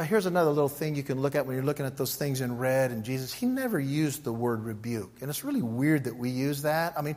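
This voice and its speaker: A middle-aged pastor with a medium-pitched voice teaches a sermon, telling a story in which he acts out both sides of the dialogue.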